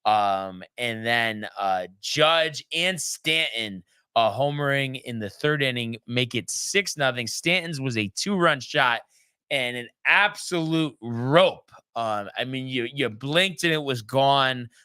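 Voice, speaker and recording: A man's voice: mid-range voice, takes it slowly, bright, forceful tone, clear, resonant tone, no room sound. A man hosting a sports talk show, recapping games in a loose, chatty way with many ums and restarts. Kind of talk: casual sports recap chat.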